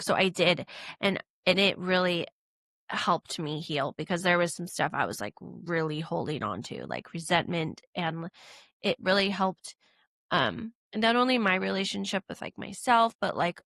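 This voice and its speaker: Young woman cohost, gravelly voice, dry close sound, talks openly w lots of likes. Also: lowish voice, animated, moderate pace, fairly bright tone, no echo. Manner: candid, emotional storytelling with many fillers. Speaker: podcast co-host. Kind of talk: casual conversation.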